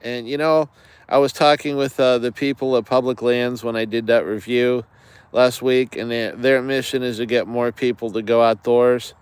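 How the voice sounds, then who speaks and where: A man's voice: medium pitch, fairly even intonation, moderate pace, clear, resonant tone, no echo. A man hosting an outdoors channel, rambling chattily to viewers in a livestream from the woods. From United States. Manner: chatty, digressive, many fillers, greets viewers.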